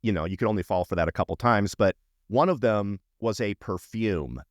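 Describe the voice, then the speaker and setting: A man's voice: on the low side, a little fast, no echo, studio quality. A middle-aged man co-hosting a podcast, telling stories in casual chat and checking in with asides. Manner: animated storytelling, frequent "right?" asides. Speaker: podcast co-host.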